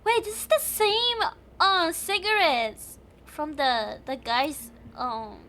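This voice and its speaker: A woman's voice: high voice, slow pace, bright, forceful tone, a little hiss or hum. A young woman streaming a game, thinking aloud in casual chat, giggly and chatty. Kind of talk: casual live game commentary.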